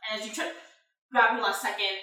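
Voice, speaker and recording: A woman's voice: medium pitch, steady tone, fast talker, pushed and bright. A woman narrating as game master of a tabletop game, rambling with many fillers. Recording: echoey room, far from mic.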